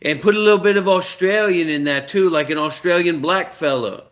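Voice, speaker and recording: A man's voice: high voice, brisk, a bit bright. A man in casual banter with a voice assistant, pushy and crude, repeating his demands and coaxing. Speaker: host.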